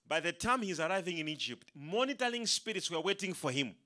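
Lively high-voiced male preacher. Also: a little fast. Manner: animated, repeats words, acts out quoted speakers. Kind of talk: sermon.

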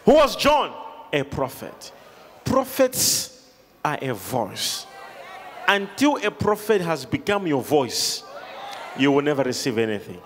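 A man preaching a sermon to a congregation, shouting and calling for responses. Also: a little high, very animated, a little slow. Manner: emphatic call-and-response preaching, often shouting. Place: large hall with a congregation. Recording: reverberant hall, crowd noise behind.

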